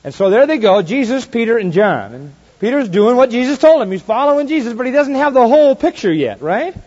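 Male pastor, high voice, animated sermon delivery, hushed asides and loud punches, dull lo-fi tape sound. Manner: animated preaching, swinging between soft asides and loud emphasis; slows right down to stress quoted verses. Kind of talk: expository sermon.

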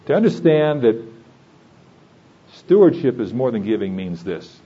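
Male preacher, husky voice, earnest conversational sermon, dull lo-fi sound. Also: mid-range voice, big pitch swings, unhurried.

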